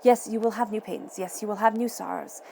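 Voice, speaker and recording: A woman giving a tarot reading from home, her voice gravelly with a touch of fry at mid pitch. She speaks softly and encouragingly and repeats phrases for emphasis. A faint hiss sits behind her. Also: a little fast. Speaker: tarot reader.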